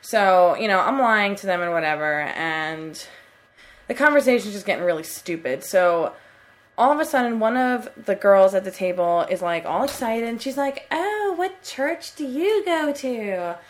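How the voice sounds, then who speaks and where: A young woman in her twenties chats into a computer mic on a casual podcast. She tells her story in a loose, rambling way and swears freely. Her voice sits at a middling pitch. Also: expressive, moderate pace. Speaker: podcast co-host. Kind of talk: casual chat.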